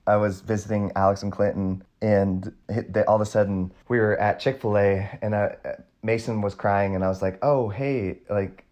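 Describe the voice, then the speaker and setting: A man's voice: lowish voice, little pitch movement, moderate pace, a little mellow. A man co-hosting a casual podcast movie chat, hesitant and rambling as he tells stories. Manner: hesitant, rambling with fillers and laughs. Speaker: podcast co-host.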